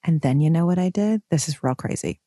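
Thirties woman vlogger, animated and chatty, husky tone, dry recording. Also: low voice, a little fast, no room sound. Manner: animated, expressive, swings between excited and soft. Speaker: mom vlogger and women's coach. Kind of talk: casual personal vlog.

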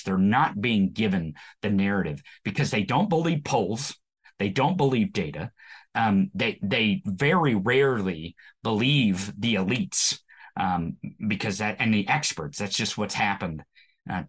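A man's voice: fairly low pitch, slightly rough. A man from Missouri with a rural Missouri accent, a podcast host guesting on an interview show, talking in a folksy, self-mocking way and often restarting his sentences. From Missouri, USA. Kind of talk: casual interview chat.

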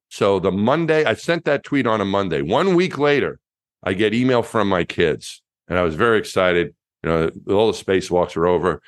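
A man in his fifties with a very low voice tells stories as an interview guest. He is lively and anecdotal, and often stumbles and restarts mid-sentence. He is close to the mic in a dry, dead room. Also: no echo. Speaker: astronaut guest. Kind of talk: storytelling interview.

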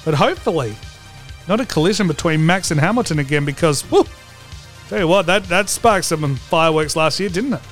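A man's voice: on the high side, lively intonation, brisk, faint music behind. A man hosting a comedic racing preview vlog, brash, profane and theatrical. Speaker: host.

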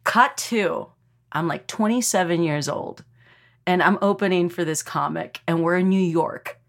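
A woman from Texas, a comedian telling a story in casual podcast chat, animated and full of fillers, acting out quotes. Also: on the low side, unhurried, gravelly. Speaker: comedian guest.

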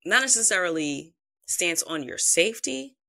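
Bright-voiced rambling woman podcaster. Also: lowish voice, animated, moderate pace, gravelly, dry recording. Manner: rambling with tangents, frequent fillers and swearing. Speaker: podcast host. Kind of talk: casual solo podcast chat.

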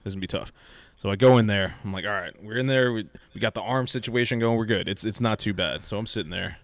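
A man in casual podcast chat, telling an animated story and acting out what people said. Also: lowish voice, fast talker, no echo. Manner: animated storyteller, acts out quoted lines.

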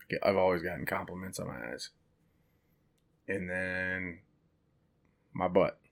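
A man's voice: low voice, measured pace, creaky. A young man casually chatting and telling stories on a podcast, laughing often. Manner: laid-back storyteller, laughs often. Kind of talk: casual chat.

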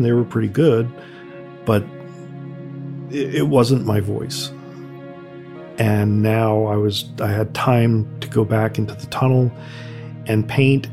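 An older man, a graffiti artist telling stories from his career in a relaxed, conversational way. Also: creaky. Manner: conversational, acts out quotes with raised pitch. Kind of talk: reflective storytelling. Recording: soft music underneath.

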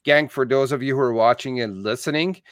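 A friendly man from Canada hosts a casual online interview, leaning on filler "uh"s as he chats along in his morning voice. His voice sits at an ordinary middle pitch. The sound is dry and close, with no room around it. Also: brisk, a bit bright, no echo. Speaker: interview host.

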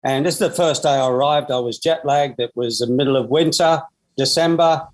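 An Australian man in his sixties, a former footballer, tells his story in an interview, lively and full of restarts and fillers. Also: medium pitch, a little fast, low-quality recording.

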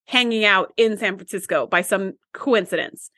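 A woman's voice: mid-range voice, normal speed, no echo. Chatty woman recapping an episode. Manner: chatty, animated retelling with quoted voices. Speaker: podcast co-host. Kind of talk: casual chat recapping a TV episode.

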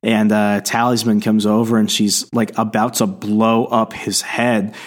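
A man's voice: fairly low pitch, level tone, a little slow. A man co-hosting a casual podcast, retelling comic book scenes and quoting the characters, with frequent fillers. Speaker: podcast co-host.

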